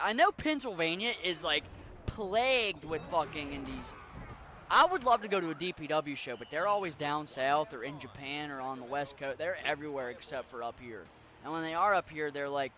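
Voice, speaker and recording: Bright-voiced Western Maryland man streaming. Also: a little high, a little hiss or hum. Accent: Western Maryland, Appalachian mix. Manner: rambling, swears casually, talks to chat. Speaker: game streamer. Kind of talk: casual chat while gaming.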